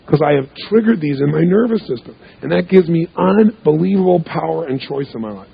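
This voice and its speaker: A man's voice: fairly high pitch, expressive, fairly quick, hardly any pauses. A man giving an emphatic, punchy seminar talk as a motivational speaker, repeating words for effect. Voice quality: gravelly, husky voice. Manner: emphatic, repetitive, punchy delivery. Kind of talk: seminar talk to a live audience. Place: hotel event room. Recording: muffled lo-fi recording.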